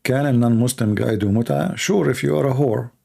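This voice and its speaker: A man answers viewers' questions on a casual live stream. His voice is dark, gravelly and worn hoarse. He talks bluntly, with sarcasm and a run of rhetorical questions. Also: mid-range voice. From Middle East. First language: Arabic. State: hoarse, tired voice. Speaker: Christian apologist, host answering questions.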